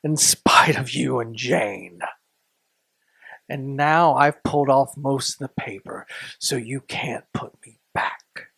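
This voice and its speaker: A man voicing an unraveling, eerily gentle woman. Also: mid-range voice, slow, vocal fry, husky, no echo, exaggerated voice, rough recording. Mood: hushed triumph. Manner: soft, hushed, often near whisper.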